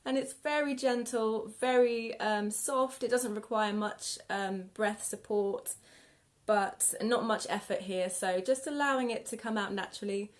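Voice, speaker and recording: A woman leads a live singing-for-wellbeing session, coaching breathing and vocal warm-ups. She speaks at an unhurried, slow pace in a mid-range voice. Her instructions are gentle and encouraging. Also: medium pitch. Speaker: singing teacher. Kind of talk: guided vocal warm-up lesson. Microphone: live video stream.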